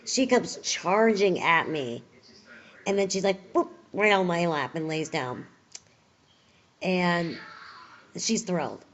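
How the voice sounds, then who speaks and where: A woman talking slowly and loosely in a home video, rambling with plenty of fillers and pauses. She sounds tired, like someone still recovering from surgery. The sound is dull and lo-fi, and her voice sits a bit low. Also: lively intonation. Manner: chatty, rambling, many fillers. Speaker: vlogger. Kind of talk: casual video update.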